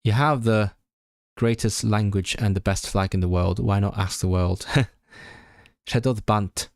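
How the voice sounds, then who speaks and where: Low-voiced man thinking aloud. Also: fairly even intonation, moderate pace, vocal fry, dry recording, clean studio sound. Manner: thinks aloud, self-correcting and stumbling over words; switches between reading Welsh aloud and English asides. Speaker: language-learning streamer. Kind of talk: casual livestream study session.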